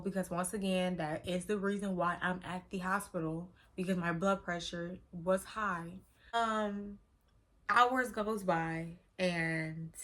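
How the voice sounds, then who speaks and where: A young woman, casually telling a personal story in an animated, slangy way that acts out what people said. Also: mid-range voice. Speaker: vlogger telling her birth story.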